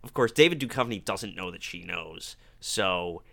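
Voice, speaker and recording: A young man retells a film's plot in relaxed, wry conversation and keeps breaking into laughter. His voice sits low yet sounds bright and forward. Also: moderate pace, creaky. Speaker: podcast co-host. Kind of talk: casual movie recap chat.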